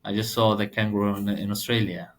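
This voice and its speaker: A man in his thirties from Afghanistan with an Afghan accent, a podcast guest speaking earnest, halting second-language English. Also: fairly low pitch, fairly even intonation. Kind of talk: podcast interview.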